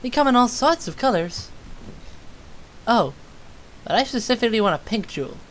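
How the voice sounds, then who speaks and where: A woman's voice: on the high side, expressive, normal speed, a little hiss or hum, natural voice, poor audio. A woman voicing a cheeky, flirtatious male unicorn as she reads game dialogue aloud, teasing and smug. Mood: scheming.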